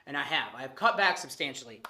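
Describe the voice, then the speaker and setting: A woman in her thirties talking straight to camera in a casual vlog monologue, animated and profane, driving her points home by repeating them. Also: a bass voice, fast, a little hiss or hum. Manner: animated, profane, emphatic repetition. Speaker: fitness vlogger.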